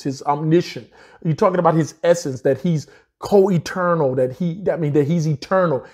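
A man delivers Bible teaching in an emphatic sermon style. His voice sits a little high but sounds mellow and relaxed. He repeats key phrases and slows down to drive each point home.

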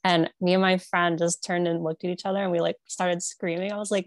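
A woman's voice: lowish voice, fairly quick, few pauses, dry recording. A woman on a panel, telling personal stories chattily with lots of "like" over a video call mic. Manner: chatty, many likes, excited retelling.

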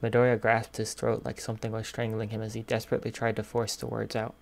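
A man narrating a fan fiction audiobook in a steady, even storytelling manner. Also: lowish voice, fast, gravelly.

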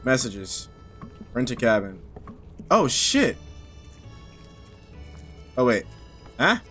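A man's voice: mid-range voice, big pitch swings, drawn-out words, fairly bright tone, breathy edge, faint music behind. A young man playing a horror game, chatting casually and joking as he reads lines aloud. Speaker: gaming streamer. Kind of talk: casual let's play commentary.

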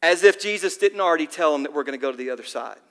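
A pastor delivers a casual, animated sermon with a high, bright voice. He tells the story with loose, chatty fillers, and a long reverb from the church hall trails each phrase. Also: racing.

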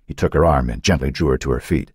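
Deep, husky male audiobook narrator. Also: fast talker, dry recording, studio quality. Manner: expressive, suspenseful reading.

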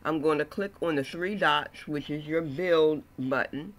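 A man instructing a screen-recorded software tutorial, talking through each click step by step with frequent okays and ums. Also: a little high, a little slow.

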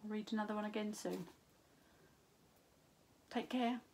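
A woman, a school teacher, reading a children's story aloud in an expressive, unhurried way. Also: mid-range voice, a little hiss or hum.

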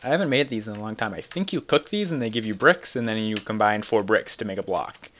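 A young man with a lowish voice rambles through casual gameplay commentary, correcting himself and chuckling as he goes. Faint keyboard clicks sit behind him. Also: fast talker, fairly bright tone, a little hiss or hum. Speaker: gaming channel host.

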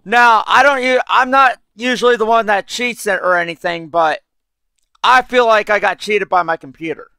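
A man's voice: high-pitched, pushed and bright, dry recording, clean studio sound. A young man giving casual, rambling commentary over his gameplay, frustrated and swearing constantly. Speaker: let's play gamer.

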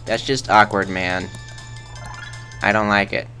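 A man's voice: fairly low pitch, little pitch movement, a little slow, sharp tone, faint music behind. A man rambling through casual game commentary in a goofy, self-mocking way, tossing in silly sound effects. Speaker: let's play host.

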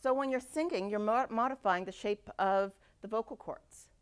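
A woman giving a university lecture, lively and demonstrating speech sounds aloud. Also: on the high side, normal speed, smooth. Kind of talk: classroom lecture. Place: lecture hall.

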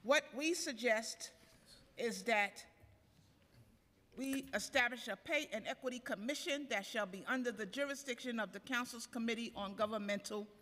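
Woman union leader, bright, emphatic testimony, reverberant chamber. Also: fairly high pitch, moderate pace. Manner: earnest, emphatic, reads prepared points. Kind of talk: public hearing testimony. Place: council chambers at city hall. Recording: council chamber, long reverb.

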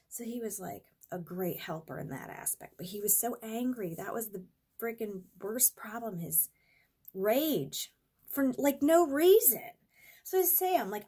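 A woman's voice: medium pitch, expressive, normal speed, mellow, breathy edge. A young adult woman vlogger telling a rambling, profane, exasperated story in a casual storytime vlog.

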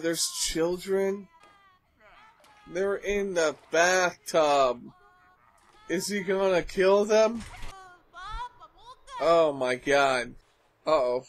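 Slow, excitable man reacting aloud. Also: high-pitched, creaky. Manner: exclamatory, gasps and slang-laden asides. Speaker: anime reaction host. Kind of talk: casual reaction commentary.

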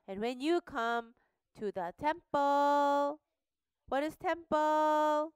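A woman teaching a Bible lesson to young children, asking questions and having them repeat words slowly. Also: high voice, no echo, studio quality. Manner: animated, slow and questioning, prompts children to repeat. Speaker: Sunday school teacher. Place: studio.

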